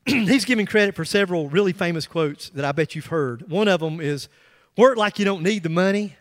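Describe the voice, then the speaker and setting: Man, middle-aged, pastor, sermon, high-pitched, emphatic storytelling, long church-hall reverb. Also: moderate pace. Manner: storytelling, animated and emphatic, with repeated restarts. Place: church sanctuary.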